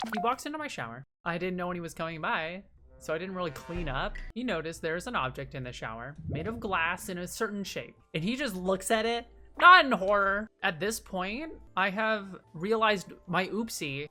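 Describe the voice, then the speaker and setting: Young woman streamer, lowish voice, rambling comic anecdote over background music. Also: lively intonation. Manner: rambling, fast, with laughs and swearing. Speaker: VTuber. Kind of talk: casual storytelling.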